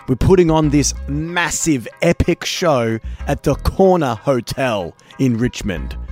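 A young Australian man hosting a podcast, laid-back and jokey, chatting casually and laughing often. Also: on the high side. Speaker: podcast host. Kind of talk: casual podcast outro and chat.

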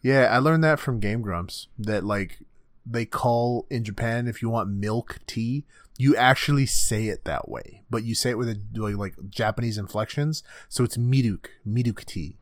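A man's voice: mid-range voice, normal speed, dry recording, studio quality. A man co-hosting a casual anime recap podcast, joking and swearing, often acting out scenes in silly voices. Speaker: podcast co-host.

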